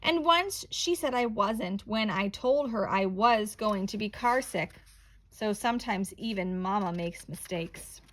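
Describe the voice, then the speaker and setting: Slow, expressive woman reading a storybook. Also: mid-range voice. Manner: slow, expressive read-aloud with playful emphasis. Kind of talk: reading a picture book aloud.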